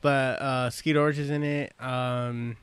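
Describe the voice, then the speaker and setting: A man talking casually as a podcast co-host, rambling and animated. His voice is smooth and resonant, sitting at an ordinary pitch for a man. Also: measured pace, dry recording. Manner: rambling, animated storytelling with many restarts. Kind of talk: casual chat.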